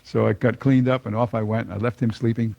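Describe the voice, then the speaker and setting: Older man, gravelly, dry close sound, personal testimony, folksy, chuckling storyteller. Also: fairly low pitch, level tone, fairly quick, mellow, no room sound, highs cut off. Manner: chuckling, folksy storyteller who laughs often. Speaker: speaker giving a personal testimony. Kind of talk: personal conversion story told to an audience.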